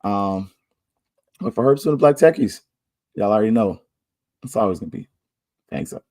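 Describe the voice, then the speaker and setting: This Orlando podcast host, a man with a mellow, lowish voice, runs casually through his picks for the games. His delivery is lively and moderately paced, and he muses aloud in relaxed slang.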